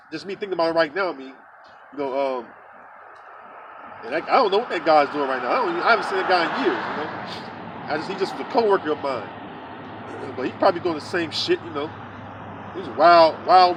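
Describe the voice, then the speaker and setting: Man, high-pitched, casual rambling story, profane, distant mic, faint traffic noise outdoors. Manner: rambling, profane, repeats himself, fills with "you know" and "man". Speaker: religious group member telling a story.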